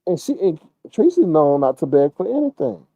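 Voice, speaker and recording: A man's voice: sits high, big pitch swings, moderate pace, vocal fry, mellow, no room sound, low-quality recording. A man giving rambling, profane casual commentary on a livestream and answering chat.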